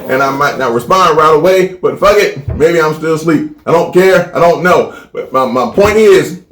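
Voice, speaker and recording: Podcast co-host, man, rants hard and curses, higher-pitched voice, echoey room. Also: moderate pace, background noise. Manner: animated, profane, repeats phrases for comic buildup. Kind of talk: crude comedic podcast rant.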